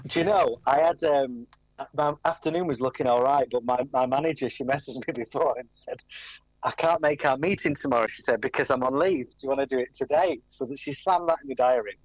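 A man's voice: medium pitch, brisk, no room sound, muffled recording. A man chatting as a guest on a radio show, telling jokey stories. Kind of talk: casual radio banter.

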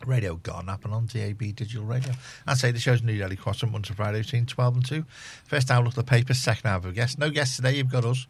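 Fast-talking radio host, man. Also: mid-range voice. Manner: quick, chatty and self-deprecating. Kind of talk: casual community radio chat. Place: radio studio.

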